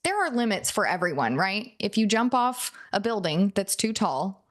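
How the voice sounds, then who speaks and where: A woman's voice: medium pitch, very animated, normal speed. A woman giving a live coaching talk to an audience, telling stories in a chatty way and often checking in with the listeners. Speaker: NLP and hypnosis coach.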